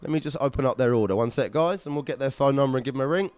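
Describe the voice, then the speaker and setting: Man, young adult, excitable livestream host, smooth clear voice, faint background music. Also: mid-range voice, rapid-fire, dry recording. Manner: excitable, chatty, swears casually. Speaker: host of a live car prize draw. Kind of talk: casual livestream chat.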